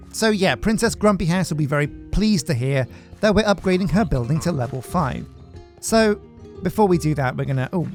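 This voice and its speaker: Casual gameplay host: man, fairly high voice, joking and rambling, faint music underneath. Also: creaky. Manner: joking, rambling, self-mocking. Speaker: gaming channel host.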